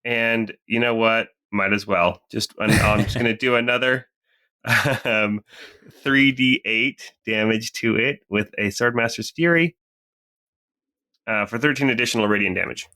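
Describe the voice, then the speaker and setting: Man, tabletop player, bright tense voice, brisk, matter-of-fact. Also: on the low side. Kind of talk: playing a tabletop game.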